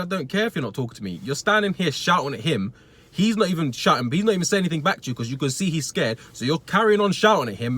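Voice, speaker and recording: Blunt man ranting. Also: on the high side. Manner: blunt, swearing, animated storytelling. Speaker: retail worker vlogger. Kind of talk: casual ranting story.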